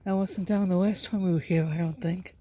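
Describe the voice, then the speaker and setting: A man narrates his walk down a country road into the phone he's holding, short of breath from the exercise. His voice sits high and stays level, with little rise and fall. He mutters quick, offhand comments about what he passes. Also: fairly even intonation, warm tone, slight background noise. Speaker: vlogger. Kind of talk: casual walking vlog narration. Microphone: phone held while walking.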